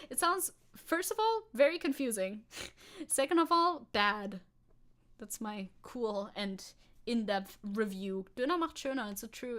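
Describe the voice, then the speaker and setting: A woman's voice: mid-range voice, sharp tone. A woman VTuber chatting sarcastically through news on a livestream, laughing often. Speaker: VTuber streamer.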